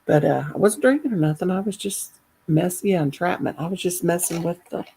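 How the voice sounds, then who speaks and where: A middle-aged woman with a gravelly, husky, low-set voice spins a tale in easy conversation. She talks in an animated way and laughs through her own story. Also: a little fast, poor audio. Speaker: caller. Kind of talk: casual storytelling.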